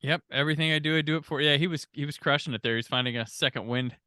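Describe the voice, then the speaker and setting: A man's voice: fairly high pitch, rapid-fire, smooth, no room sound, studio quality. A man hosting a podcast, chatting casually and agreeably with plenty of fillers. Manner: relaxed, agreeable, lots of fillers. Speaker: podcast host. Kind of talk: casual chat.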